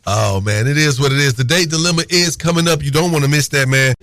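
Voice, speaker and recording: A man's voice: fairly high pitch, fast, fairly bright tone. A man hosting a morning radio show, talking in a laid-back, joking drawl. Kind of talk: casual radio banter.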